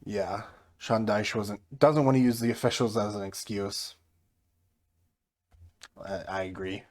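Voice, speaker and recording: A man with a fairly low voice talks through his football management game in a relaxed, mostly monotone way. His casual commentary stays low-key. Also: a little slow. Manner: mostly flat and low-key, jumping up excitedly at goals; self-described monotone delivery. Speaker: gaming YouTuber.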